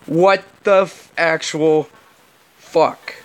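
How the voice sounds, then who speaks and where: A man doing let's play commentary, excitable and joking, swearing often. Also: a little high, very slow, clear, resonant tone. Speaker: gaming commentator.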